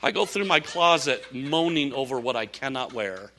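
An older man preaching a sermon, telling animated stories with laughs and asides. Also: mid-range voice, normal speed, very noisy. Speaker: pastor.

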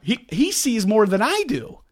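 A middle-aged man co-hosting a casual podcast, with a voice that sits a little high. He tells his story in an exasperated, animated way and acts out the yelling. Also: measured pace, breathy edge. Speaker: podcast co-host.

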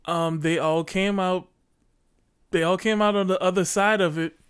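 A young man in casual podcast chat, measured, cutting in briefly. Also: high-pitched, fairly even intonation, a bit bright, clean tone.

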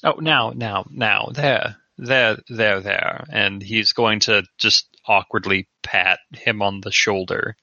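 Male player as a formal, awkward gentleman investigator; gravelly, dull dry sound. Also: on the low side, steady tone, slow, few pauses, no room sound, heavily acted. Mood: soothing. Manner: formal, old-fashioned politeness. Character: proper, courteous investigator, awkward comforter.

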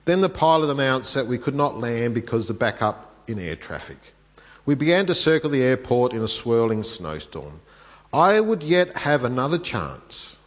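A man delivers a sermon in a lively, animated voice, rising to emphatic peaks and falling to hushed, soft passages. He tells his story and prays at a middle pitch. Long reverb of a large hall trails behind each phrase. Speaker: preacher. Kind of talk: sermon with personal story and prayer.

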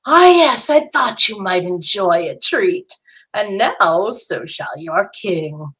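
A woman voicing a sadistic, cold male lord in a spoken fantasy story, drawing his words out slowly and mockingly. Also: mid-range voice, lively intonation, a bit bright. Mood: cold, taunting. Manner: slow, drawn-out taunting delivery. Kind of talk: erotic audio story reading.

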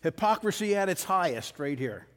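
A man preaching a sermon verse by verse, blunt and emphatic, pushing his voice up to forceful peaks. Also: high-pitched, big pitch swings, normal speed. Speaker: pastor. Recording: long hall reverb.

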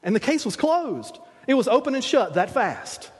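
Preacher, male, high husky voice, folksy storytelling sermon, long hall reverb. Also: very animated, moderate pace. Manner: retells scripture as vivid, conversational storytelling with frequent restarts.

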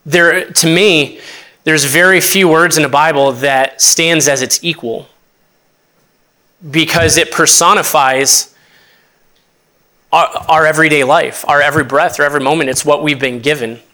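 Earnest young man preaching, bright clear voice. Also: on the high side, fairly even intonation. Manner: earnest, halting with many restarts and fillers. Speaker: associate pastor. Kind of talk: sermon.

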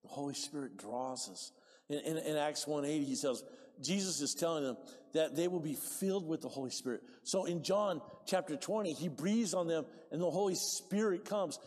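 High-voiced preacher man in a hall. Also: moderate pace. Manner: lively, calls for amens, swings from quiet to loud. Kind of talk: sermon.

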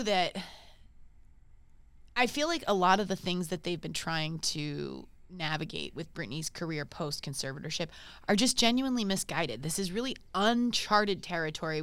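A woman hosting a podcast in casual chat, talking fast and loose with lots of filler words. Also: lowish voice, expressive, bright, forceful tone, clear, resonant tone, no echo. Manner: chatty, heavy use of "like", swears casually. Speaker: podcast host.

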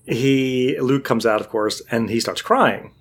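A man's voice: medium pitch, unhurried. A man in casual chat, telling a long story and acting out what other people said. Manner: animated storyteller, acts out quotes.

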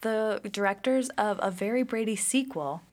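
A woman's voice: medium pitch, moderate pace. A woman co-hosting a casual pop-culture podcast, eagerly laying out movie and music trivia. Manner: enthusiastic, detailed, trivia-heavy. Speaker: podcast co-host.

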